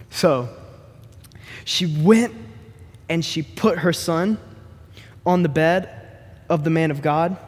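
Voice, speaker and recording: A man preaching a sermon as pastor, in an animated, joking, conversational way. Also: a little high, slightly rough, big-room sound.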